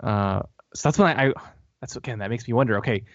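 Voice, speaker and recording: A man's voice: mid-range voice, fast talker, no room sound. A man rambling through a casual podcast chat, full of fillers and trailing thoughts. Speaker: podcast co-host. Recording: dull dry lo-fi audio.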